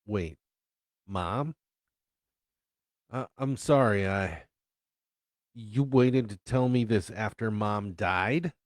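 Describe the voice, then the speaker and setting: A man voicing a grown son who is grieving and quick to anger, speaking in stammering, defensive bursts. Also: lowish voice, no echo, clean studio sound. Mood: shocked.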